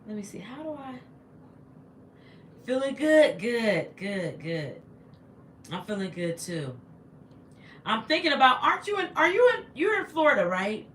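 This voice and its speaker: A woman's voice: a little high, very animated, a little slow, long pauses, a bit bright, echoey room, a little hiss or hum. A woman, a teacher, chatting casually on a livestream, greeting viewers and rambling with stumbling restarts into a laptop microphone.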